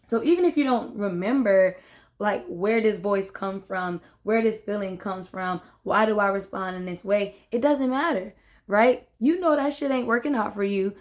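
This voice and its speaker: A woman's voice: mid-range voice, moderate pace. Casual woman musing with frequent "right?". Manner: conversational, peppered with "right?" and "you know what I'm saying". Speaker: host of a self-love book discussion. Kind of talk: casual reflective talk.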